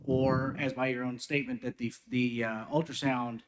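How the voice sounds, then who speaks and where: A man's voice: mid-range voice, flat delivery, moderate pace. A man, a state representative, putting formal, pointed questions to a witness at a committee hearing.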